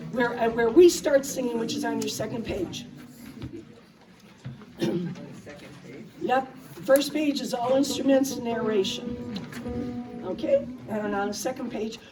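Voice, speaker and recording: A woman leading a choir rehearsal, talking briskly and chattily and laughing easily between run-throughs. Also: a little high. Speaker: choir director. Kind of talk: rehearsal instruction. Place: rehearsal hall with a large choir. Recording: distant mic, loud choir and guitar behind. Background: choir singing and guitar.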